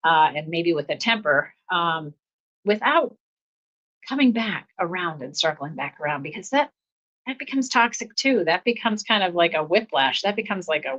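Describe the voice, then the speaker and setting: A woman hosting a self-help podcast, talking calmly about pausing before reacting, with steady, repeating coaching phrases and soft laughs. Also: on the low side, dull audio. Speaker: podcast host. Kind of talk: reflective self-help talk.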